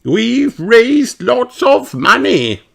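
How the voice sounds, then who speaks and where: A man's voice: very high-pitched, big pitch swings, drawn-out words, vocal fry, slight background noise, voice pushed up, exaggerated voice. A man voicing a cheerful older gazelle schoolteacher in a storybook, announcing in a sing-song way. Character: cheerful elderly woman teacher, a gazelle. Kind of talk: storybook read-aloud.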